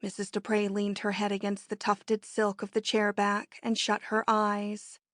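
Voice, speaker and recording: A woman narrating a classic romance novel as an audiobook in a measured storytelling manner. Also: medium pitch, completely flat delivery, no room sound, clean studio sound. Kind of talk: scripted narration.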